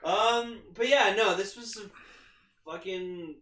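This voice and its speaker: A man's voice: high voice, takes it slowly, bright, forceful tone. A man co-hosting a podcast in casual chat, rambling with constant "like"s and casual swearing. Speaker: podcast co-host. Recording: echoey room.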